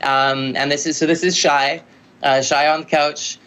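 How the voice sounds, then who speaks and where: A woman musician telling stories in a casual interview, rambling and lively with lots of filler words. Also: sits low, measured pace. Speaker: musician guest.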